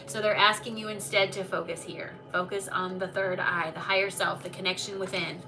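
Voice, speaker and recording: A woman's voice: mid-range voice, fairly even intonation, brisk, over music. Chatty woman reading cards on a live stream. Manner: chatty, reassuring, addresses viewers by name. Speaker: intuitive oracle card reader, live stream host. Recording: distant mic with background noise.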